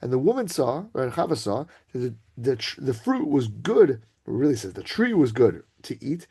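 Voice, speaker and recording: Mellow husky man teaching casually. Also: mid-range voice, very animated, normal speed. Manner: casual, conversational, keeps asking "right?". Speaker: teacher giving a talk. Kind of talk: informal Torah talk.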